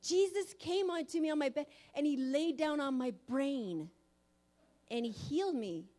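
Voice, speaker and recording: A woman's voice: high-pitched, animated, unhurried, mellow, pitched above the performer's own voice. A woman voicing her small daughter as a sweet, earnest little girl in a sermon story.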